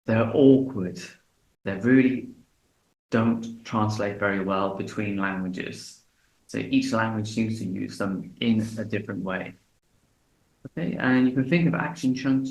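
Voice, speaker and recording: A man teaching an English lesson in a relaxed way, repeating example phrases slowly and deliberately. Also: fairly low pitch. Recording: echoey room.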